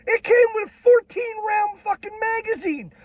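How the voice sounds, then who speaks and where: Irate, cursing high-pitched man. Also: moderate pace, no echo. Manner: irate, heavily profane, shouting. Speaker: military veteran ranting on video. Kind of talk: angry political rant. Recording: dull lo-fi, dry sound.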